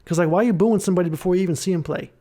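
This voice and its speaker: Speaking very fast in a warm, high-pitched voice, this young podcast co-host keeps the football talk loose and lively. He drops "bro" often throughout the casual sports chat.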